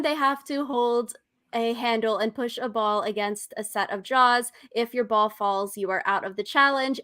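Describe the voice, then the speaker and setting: A woman's voice: on the high side, a bit bright. Chatty young woman co-host. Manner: chatty, laughs often. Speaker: podcast co-host. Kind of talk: casual recap chat.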